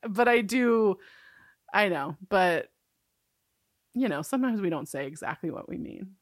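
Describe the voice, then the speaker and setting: A woman's voice: medium pitch, a little slow, dry recording. Wry woman recapping, dry close sound. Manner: relaxed, wry, recaps plot with dry asides. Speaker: podcast co-host. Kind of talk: casual rewatch chat.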